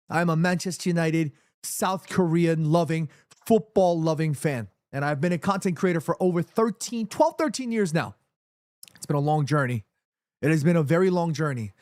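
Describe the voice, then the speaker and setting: A man hosting a football watchalong livestream from his room, excitable and emphatic, repeating himself when nervous. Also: fairly high pitch, no echo, studio quality. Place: his room in New York City, indoors.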